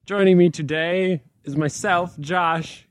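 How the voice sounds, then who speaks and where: A man with a fairly high voice hosts a casual comedy podcast. He rambles, restarts his sentences and breaks into laughs. The room sound is dry and close. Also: fairly even intonation, slow pace, clean tone, no room sound. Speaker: podcast host.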